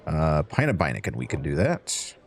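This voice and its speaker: A man's voice: extremely low pitch, huge pitch swings, normal speed, very noisy. A man hosting a let's-play, chatting to in-game customers as he serves drinks and counts out change. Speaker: gaming channel host. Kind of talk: relaxed let's-play commentary.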